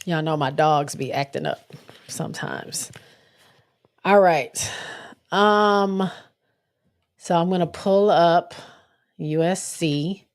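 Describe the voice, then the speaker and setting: This is a young woman with a slightly low-pitched voice. She hosts a relaxed sports livestream in a loose, chatty way, reading viewer comments aloud and correcting herself as she goes. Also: slow, long pauses. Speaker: livestream host. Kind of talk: casual sports chat livestream.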